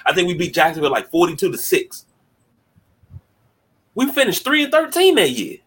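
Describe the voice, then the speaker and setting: A man talks sports on his podcast, animated and mocking, tripping over repeated words as he gets going. His voice sits a little high with a bright, forceful edge. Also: moderate pace, husky. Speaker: podcast host. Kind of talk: casual sports talk.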